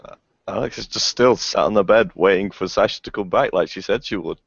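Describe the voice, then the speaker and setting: A man playing a tabletop role-playing game, speaking slowly and hesitantly, often sounding unsure. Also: lowish voice, creaky, husky, dry recording, highs cut off. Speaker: player.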